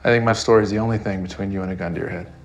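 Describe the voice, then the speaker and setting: A man's voice: low voice, fairly even intonation, rapid-fire, dull audio, faint music behind. An actor playing a firm, tense man giving instructions in film clips.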